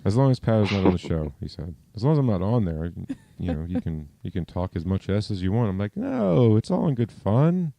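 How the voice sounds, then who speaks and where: A male podcast host talking casually with a low, very dark, mellow voice. He rambles, repeats words, and pokes fun at himself. The sound is dry and close. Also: quick pace, few pauses, no room sound. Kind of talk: casual chat.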